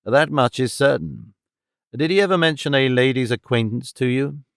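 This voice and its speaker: A man voicing a sharp, brisk detective who lays out his deductions in a crisp, decisive way. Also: medium pitch, dry recording, clean studio sound, natural voice.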